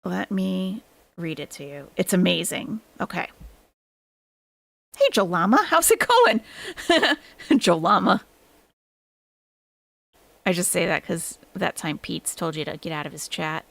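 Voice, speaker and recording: A woman's voice: on the low side, animated, measured pace, gravelly, pauses often, a bit bright, no room sound. A woman hosting a casual livestream, animatedly telling a friend a gossipy story. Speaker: livestream host.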